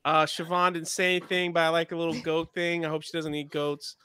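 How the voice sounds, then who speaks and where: A man's voice: on the high side, level tone, fairly quick, pushed and bright, clean tone, no echo. A man on a live stream, joking and teasing as he rambles through a goodbye. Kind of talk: casual chat on a live stream.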